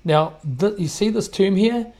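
A man's voice: high-pitched, measured pace, darkish tone. A man hosting a podcast, giving indignant, emphatic commentary on played clips and often repeating himself. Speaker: podcast host.

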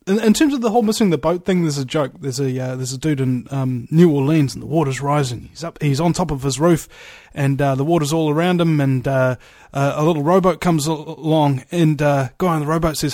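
Host, male, fairly high voice, halting delivery with restarts, dry close sound. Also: a little mellow, dry recording. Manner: halting, many fillers and restarts. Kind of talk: conversational interview.

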